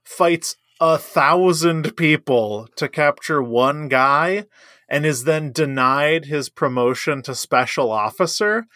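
A man's voice: on the high side, slow, sharp tone, dry recording, studio quality. A man co-hosting a casual movie review chat, enthusiastic and emphatic, laughing often. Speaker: podcast co-host.

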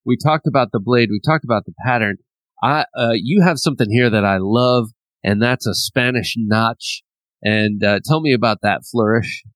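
A man hosting a podcast, asking questions in a halting way with many fillers. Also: mid-range voice, a bit bright, no echo. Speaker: podcast host. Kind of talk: casual interview talk.

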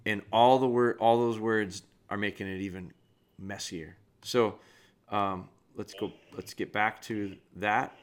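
Low-voiced man giving blunt training critique. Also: steady tone, measured pace. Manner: direct, critiquing, speaks straight to the trainee. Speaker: dog trainer podcast host. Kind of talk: podcast commentary reviewing a video.

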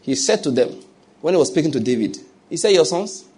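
A man's voice: medium pitch, big pitch swings, quick pace, dark tone, slightly rough. A man with a Nigerian accent preaching a sermon as a pastor, asking rhetorical questions and mixing in humor.

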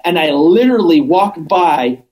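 A man chatting as a podcast guest, telling stories with animated, acted-out quotes and emphatic repetition. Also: on the high side, a little slow, low-quality recording. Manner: animated storyteller, acts out quotes; emphatic, repeats points. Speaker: cannabis business owner, guest. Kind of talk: casual interview chat.

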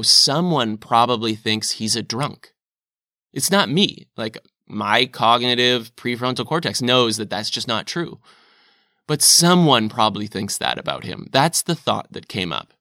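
Earnest man thinking aloud, bright tone. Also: medium pitch, expressive, normal speed, no room sound, clean studio sound. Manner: earnest, self-questioning, confessional. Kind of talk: reflective personal monologue.

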